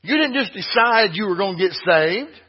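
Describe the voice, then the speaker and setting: A man's voice: sits high, lively intonation, moderate pace, slightly rough. A man preaching a sermon in church, folksy and emphatic, full of rhetorical questions. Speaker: pastor. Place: church sanctuary. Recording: dull lo-fi recording.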